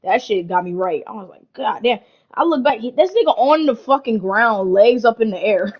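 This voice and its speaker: A woman's voice: on the high side, moderate pace, slightly rough. Young woman cussing her way through a crazy story on a podcast, kinda muffled lo-fi audio. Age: young adult. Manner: animated, slangy, heavy swearing, lots of "like" and "bro". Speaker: podcast co-host. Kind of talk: casual storytelling chat.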